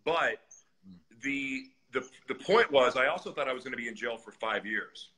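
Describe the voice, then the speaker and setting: A man guest on a podcast, candidly telling his personal story in an earnest, animated way. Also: mid-range voice, moderate pace, poor audio. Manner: earnest, animated, acts out shouted voices in retelling. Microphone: live stream, reads comments on screen.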